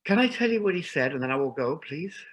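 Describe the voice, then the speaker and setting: A man's voice: on the high side, sing-song, fast talker, a bit bright, pitched above the performer's own voice, poor audio. A man voicing a nervous, earnest young woman who hesitates and stumbles over her words. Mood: pleading.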